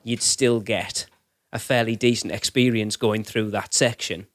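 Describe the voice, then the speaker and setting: A man's voice: lowish voice, fairly even intonation, measured pace, no room sound. A man co-hosting a podcast in casual chat, rambling and correcting himself as he goes. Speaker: podcast co-host.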